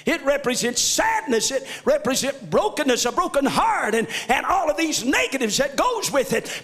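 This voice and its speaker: A male pastor preaching a fervent sermon in a church, often shouting. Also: extremely high pitch, sing-song, normal speed, hardly any pauses, in a large hall. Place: church sanctuary.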